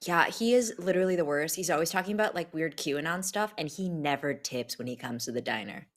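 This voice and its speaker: Lively-voiced woman player, chatty. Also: low voice, a little fast. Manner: chatty, expressive gossip. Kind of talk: in-character tabletop play.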